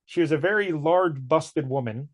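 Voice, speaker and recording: A man's voice: on the high side, normal speed. Man casually recapping a comic. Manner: laughing, recaps plot with mock character voices. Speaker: podcast co-host.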